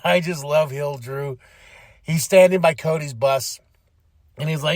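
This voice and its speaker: A man's voice: fairly high pitch, moderate pace, no echo, clean studio sound. A man hosting a podcast, casually recapping a wrestling show and acting out the wrestlers' lines. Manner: animated, acts out quotes in shifting voices. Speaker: podcast host.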